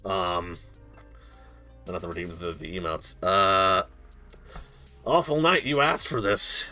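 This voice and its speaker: A man's voice: sits low, slow pace, pushed and bright, soft background music. A man streaming as game master, chatting casually before the session, rambling and self-mocking, joking and swearing freely.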